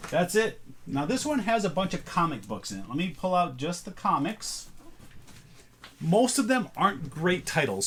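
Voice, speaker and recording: A man's voice: a little high, slight background noise. Chatty man sorting a thrift haul. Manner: chatty, thinking aloud while sorting items. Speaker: reseller showing a thrift haul. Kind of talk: casual vlog chat.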